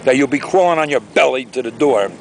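A man's voice: medium pitch, expressive, a little fast, a little hiss or hum, low-quality recording. A man talking casually to his camera outdoors by a lake, rambling and ranting in a chatty vlog. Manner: rambling, chatty, exaggerated rants. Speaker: vlogger.

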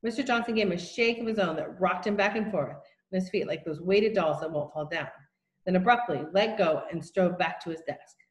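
A woman reading a children's novel aloud in plain, unhurried narration with small slips. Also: on the low side, roomy sound, poor audio. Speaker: reader.

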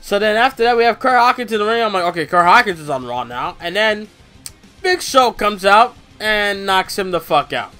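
A man's voice: sits high, lively intonation, normal speed, pushed and bright, soft background music. A young man casually recapping a wrestling show in slangy, rambling talk full of fillers.

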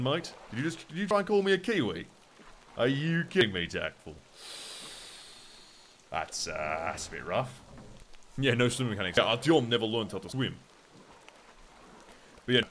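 A young Australian man talks through a game in loose, chatty commentary, swearing now and then and answering his viewers. His pitch swings up and down, and a faint hum of noise sits under the voice. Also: a bit bright. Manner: chatty, swears, reads chat aloud. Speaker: gaming streamer. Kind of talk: casual gameplay commentary.

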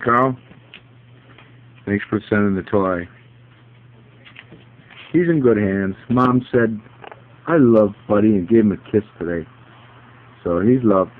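A man's voice: on the low side, slight background noise. A man filming his dogs at home, talking to them in a teasing, sing-song baby-talk voice. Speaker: pet owner filming his dog. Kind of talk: casual home video talking to pets. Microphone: phone camera. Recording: tinny lo-fi phone recording.

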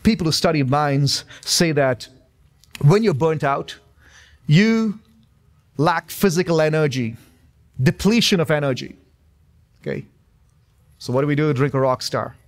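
A man's voice: a little high, animated, unhurried, long pauses. A male pastor in his thirties preaching a sermon in a church, emphatic and repetitive, with touches of humor. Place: church sanctuary.

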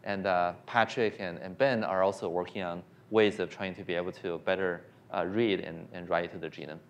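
Low-voiced man lecturing with many ums. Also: steady tone, fairly quick, dull audio, a little hiss or hum. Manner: hesitant, many fillers and restarts. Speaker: scientist giving a public lecture. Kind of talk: lecture with audience questions. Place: lecture hall.

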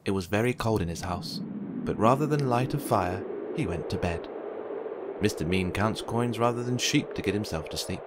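Low-voiced man reading a kids' book. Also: normal speed, heavy background noise. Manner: gentle, expressive storytelling. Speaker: storyteller. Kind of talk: children's book read aloud. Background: faint background music.

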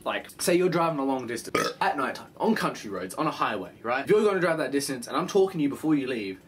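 A young man vlogs from his bedroom, rambling casually in a monologue. He's animated and swears a lot, acting out the voices from phone calls. He talks fast in a mid-range voice.

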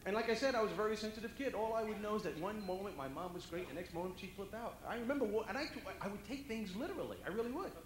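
A male comedian telling animated stand-up stories to a dinner audience, often jumping into loud character voices. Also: high-pitched, very fast, few pauses. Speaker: comedian and motivational speaker. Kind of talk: stand-up storytelling. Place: banquet hall before a dinner audience. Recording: echoey hall with audience noise.

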